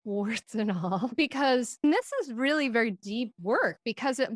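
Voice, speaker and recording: A woman speaking as an interview guest and parenting expert, gentle, reflective and encouraging. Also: on the high side, animated, slow, slight background noise. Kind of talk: interview conversation.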